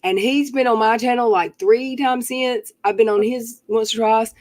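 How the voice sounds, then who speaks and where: A woman's voice: a little high, fairly even intonation, moderate pace, a little mellow, no room sound, poor audio. A woman hosting a livestream panel, chatting casually with rambling, self-interrupting talk and easy laughs. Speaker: livestream commentary host. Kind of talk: casual chat.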